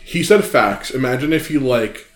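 A man's voice: medium pitch, lively intonation, moderate pace, faint music behind. A man co-hosting a casual podcast, dropping wry quips. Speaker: podcast co-host. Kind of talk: casual chat. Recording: roomy echo.

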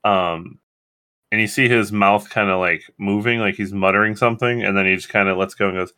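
Low, bright-toned wry male player. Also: steady tone, brisk, smooth. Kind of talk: tabletop game role-play.

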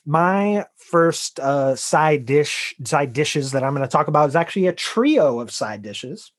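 Podcast dude rambling along, lots of likes, voice a bit on the high side. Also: male voice, lively intonation, unhurried. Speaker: podcast co-host. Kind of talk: casual comedic chat.

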